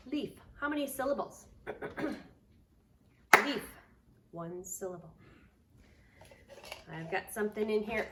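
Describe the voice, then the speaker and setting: Woman, daycare teacher; lively, swooping pitch, exaggerated sing-song delivery for toddlers. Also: background noise. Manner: slow, sing-song, exaggerated for small children; drops to soft whispers for surprise. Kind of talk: preschool lesson to camera.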